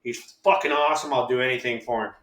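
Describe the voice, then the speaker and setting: A man in his sixties, co-host and former ballplayer, telling stories in casual chat, animated and profane, acting out quotes. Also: mid-range voice, fast, reverberant.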